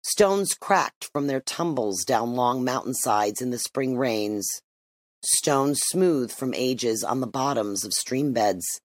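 A narrator reading a literary story aloud in an expressive, measured way. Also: mid-range voice, dry recording. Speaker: audiobook narrator.

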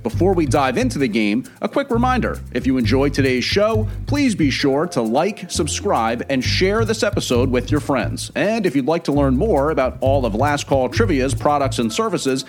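Male podcast host, animated pitch, chatty, reads rules and questions. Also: moderate pace, hardly any pauses, soft background music. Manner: chatty, self-deprecating, stumbles over words. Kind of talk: podcast hosting and question reading.

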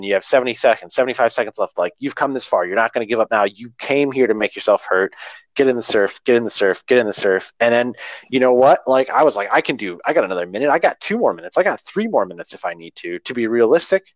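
A man's voice: mid-range voice, animated, fast, no room sound. A man in casual podcast conversation, an earnest and rambling storyteller talking through his running training. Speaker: runner talking about training.

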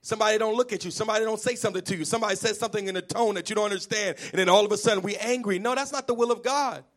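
High-voiced man preaching a lively sermon. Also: very fast. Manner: animated preaching, call-and-response, sometimes half-sung. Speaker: pastor.

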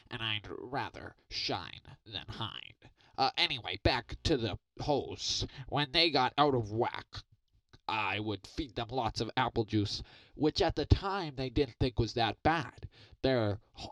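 Rambling deadpan man in a comedy bit. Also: medium pitch, no echo, rough recording. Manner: rambling, absurd, deadpan boasting. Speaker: comedy podcast guest.

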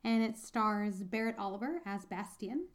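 A woman co-hosting a book podcast in casual chat, halting and full of fillers. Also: medium pitch. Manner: chatty, halting, many fillers and restarts. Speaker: podcast co-host.

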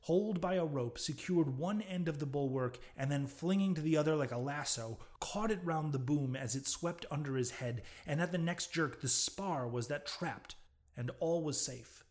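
A man reading a classic novel aloud, in a measured, declamatory way. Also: on the high side, darkish tone. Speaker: narrator.

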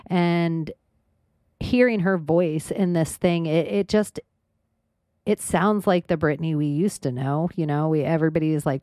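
A woman hosting a podcast, rambling casually with frequent swearing and animated outbursts. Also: fairly low pitch, no room sound, clean studio sound. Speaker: podcast host. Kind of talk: casual monologue.

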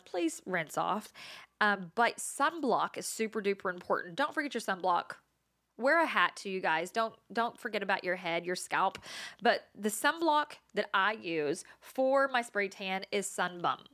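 A woman in her thirties hosting a podcast, telling a funny story in a lively way, laughing often and putting on squeals for the people in it. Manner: animated, laughs often, acts out voices in high pitch. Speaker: podcast host. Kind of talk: casual storytelling monologue.

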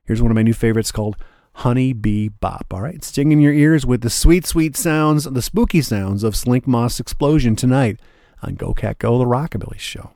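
A man's voice: mid-range voice, normal speed, warm tone. A man hosting a radio show, talking in a loose, rambling way between records. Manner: rambling and laid-back, drops 'man' and 'uh' often. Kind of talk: casual radio DJ patter.

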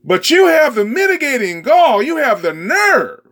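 Brief: preacher puts on a resentful older brother, high voice, slow and aggrieved. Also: male voice, huge pitch swings, a bit bright, heavily acted. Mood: indignant. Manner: indignant, cries out. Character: resentful hardworking older son, young man.

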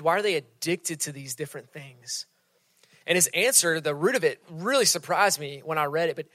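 A man preaching a sermon in a conversational way, often dropping to a soft, hushed voice for emphasis. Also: fairly high pitch, no echo, studio quality. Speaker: pastor.

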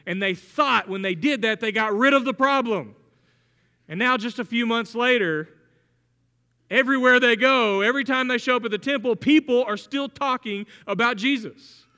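Preacher, male, high bright voice, storytelling sermon, emphatic builds, long hall reverb. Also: moderate pace.

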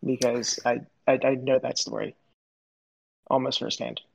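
A man who is a guest on a podcast, speaking in a measured, steady way as he explains his views in casual chat. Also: mid-range voice, creaky, rough recording.

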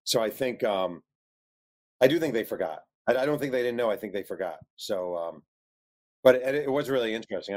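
Male author, lowish voice, animated storyteller who acts out quotes. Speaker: author guest. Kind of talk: telling a story in an interview.

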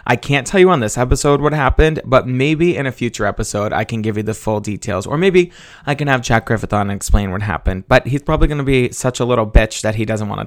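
A man's voice: mid-range voice, no echo, studio quality. Chatty, foul-mouthed young man from Massachusetts. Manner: gossipy, profane, laughs while telling. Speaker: podcast host. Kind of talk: casual solo podcast storytelling.

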